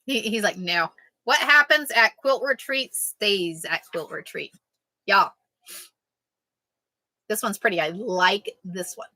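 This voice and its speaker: A woman's voice: mid-range voice, slow pace, pauses often, pushed and bright, dry recording, poor audio. A woman chatting casually as a quilting vlogger, joking and answering viewers. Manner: chatty, jokey, reads out sayings and answers viewers. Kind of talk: casual live chat.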